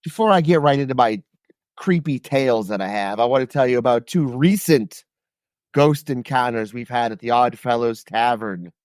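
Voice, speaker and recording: A man's voice: mid-range voice, animated, moderate pace, darkish tone, no echo. Podcast guy telling stories, rambly and swears a lot, dry close mic. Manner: loose, profane, rambling delivery. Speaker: podcast co-host. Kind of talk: casual storytelling.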